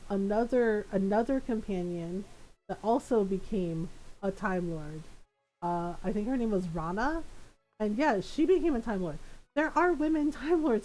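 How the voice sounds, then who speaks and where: A woman streamer chatting casually while she plays a game, excitable and rambling, laughing often. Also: on the high side, low-quality recording.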